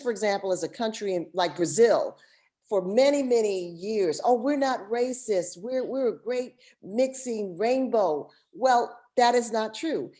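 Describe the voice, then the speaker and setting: A woman's voice: medium pitch, warm tone. A woman hosting an interview, attentive and affirming, explaining her view in conversation. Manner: attentive, frequent affirming murmurs. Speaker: host.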